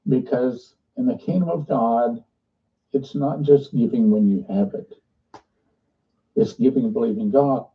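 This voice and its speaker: A man leading a ministry makes an earnest, halting fundraising appeal mixed with preaching. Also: medium pitch. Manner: earnest, halting, restarts often. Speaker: ministry leader. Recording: muffled, distant played-back clip.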